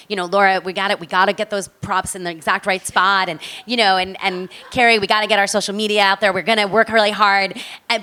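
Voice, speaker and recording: A woman chatting as an interview guest, telling long, animated, rambling stories. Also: mid-range voice. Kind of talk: casual chat.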